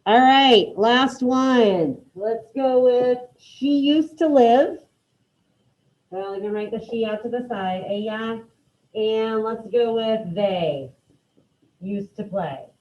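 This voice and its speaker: A woman leads an online Spanish lesson with a mellow, warm tone. She encourages her students and calls on them one by one. Her voice comes through slightly muffled video-call audio. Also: a little high, takes it slowly. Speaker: Spanish teacher. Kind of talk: online class teaching.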